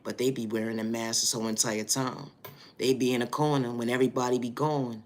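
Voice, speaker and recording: A man giving a preachy spiritual motivational monologue, repeating stock phrases and building to loud, emphatic bursts. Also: mid-range voice, little pitch movement, fairly quick. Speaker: spiritual reader.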